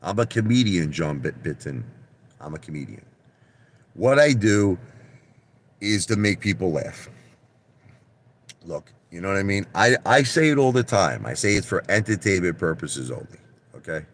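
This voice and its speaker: A middle-aged vlogger sits in his parked car, addressing viewers in a casual, profane monologue. His low voice is very animated at a normal pace, and he's a blunt storyteller who keeps restarting and going off on tangents.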